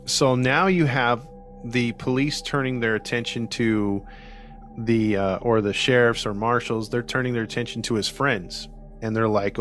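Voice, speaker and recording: A man's voice: mid-range voice, moderate pace, faint music behind. A male podcast host telling a true-crime story in casual chat, acting out the people he quotes. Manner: animated, acts out quoted people. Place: Colorado.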